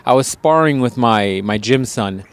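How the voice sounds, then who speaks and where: A man co-hosting a casual podcast, talking in a profane, rambling, animated way. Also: mid-range voice, normal speed, clean tone, no room sound. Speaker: podcast co-host.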